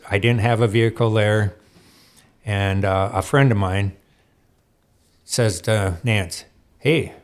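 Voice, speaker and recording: A man telling racing stories as an interview guest in a studio, animated and laughing often as he acts out other people's lines. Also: fairly low pitch. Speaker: guest, off-road racer. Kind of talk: storytelling interview chat.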